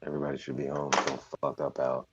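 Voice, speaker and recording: A man's voice: very deep voice, very animated, fast, vocal fry, dull audio, loud music behind the voice. A man co-hosting a podcast from his phone, blunt and joking, swearing freely. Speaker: podcast co-host. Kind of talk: casual chat.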